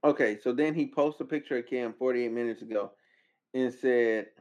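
A man hosting a casual commentary podcast, talking in a slangy way with incredulous, animated outbursts. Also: mid-range voice, moderate pace, highs cut off. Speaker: podcast host.

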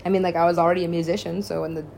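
A woman with a slightly low voice tells a meandering story from her own life. She rambles, swears freely and laughs often, in loose, casual talk. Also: little pitch movement, racing, vocal fry, a little mellow, slight background noise. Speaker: musician and DJ.

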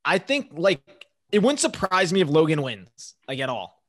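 A man's voice: fairly high pitch, very animated, moderate pace, fairly bright tone. A man co-hosting a podcast, arguing his point insistently in a casual chat. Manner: argumentative, insistent. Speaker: podcast co-host.

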